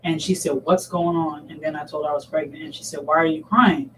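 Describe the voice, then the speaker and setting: A woman telling a personal story as a guest, close to tears and halting, with many restarts. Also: sits low, level tone, darkish tone. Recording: distant mic with faint noise.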